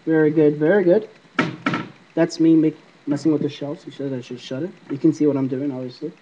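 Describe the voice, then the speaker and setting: A man's voice: fairly high pitch, fairly even intonation, fairly quick, background noise. A man rambling casually to the camera in a paranormal app vlog, answering unseen spirits as he talks. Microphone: iPod camera mic. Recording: dull lo-fi iPod recording.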